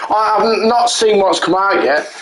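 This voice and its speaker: A man's voice: sits high, normal speed, a bit bright, echoey room, a little hiss or hum, rough recording. A man giving rambling, self-correcting live commentary while he plays a game, chatting with his viewers. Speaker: streamer.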